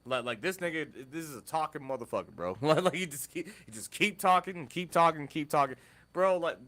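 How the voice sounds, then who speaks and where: A man's voice: on the high side, lively intonation, fairly quick, pushed and bright. A man co-hosting a casual podcast, talking loosely with many fillers and steering the talk back to the topic. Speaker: podcast co-host.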